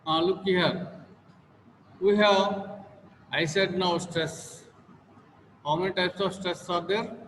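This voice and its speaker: A man's voice: sits high, steady tone, slow, pauses often, fairly bright tone. A man giving a classroom lecture as a teacher, repeating each example several times to model stress and intonation. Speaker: English teacher. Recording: long classroom reverb, faint noise.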